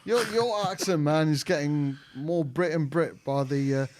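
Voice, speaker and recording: A man's voice: a little high, a little slow, darkish tone, a little hiss or hum. A man hosting a football fan show, chatting casually, asking questions and keeping the talk moving. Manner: chatty, asks questions and keeps things moving.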